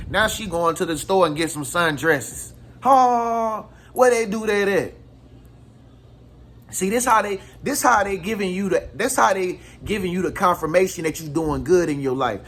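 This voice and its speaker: A man's voice: sits high, fairly bright tone, husky. A man giving casual spiritual advice to his viewers in a slangy, emphatic way, full of rhetorical questions. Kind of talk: casual motivational talk to viewers.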